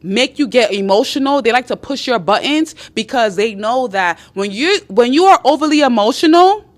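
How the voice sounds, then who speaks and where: A woman with a fairly high voice gives blunt, casual dating advice to viewers on a live stream. She is emphatic and animated, restates her points and swears freely as she talks. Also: moderate pace.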